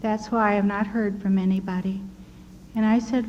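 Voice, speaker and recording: A woman's voice: medium pitch, flat delivery, moderate pace. Older american woman telling her story, tender and earnest, kinda dull old recording. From United States. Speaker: storyteller recounting wartime experiences. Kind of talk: personal testimony. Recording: slightly dull recording with faint hiss.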